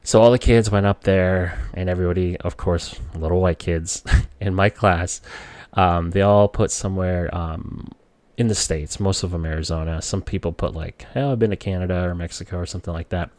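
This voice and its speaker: A man from the Philippines telling a personal story in a relaxed, conversational way, his voice jumping up when he quotes himself as a child. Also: low-pitched, normal speed, dry recording.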